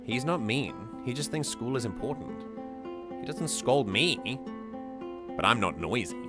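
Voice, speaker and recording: A man reading aloud the lines of a cheerful young schoolgirl in a video game, pitching his voice up. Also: sing-song, a little slow, music in the background. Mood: quiet.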